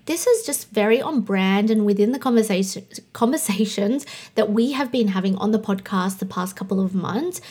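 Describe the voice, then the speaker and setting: A woman's voice: medium pitch, moderate pace, darkish tone, breathy edge. A woman of thirty with a slight lisp, hosting a casual solo podcast in a bubbly, chatty way. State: slight lisp from new aligners. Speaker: podcast host and coach.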